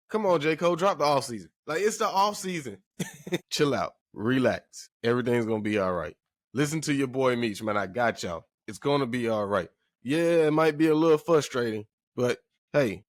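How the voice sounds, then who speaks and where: A man's voice: mid-range voice, dry recording, clean studio sound. A man hosting a sports podcast in casual talk, emphatic and repeating phrases for effect while addressing listeners directly.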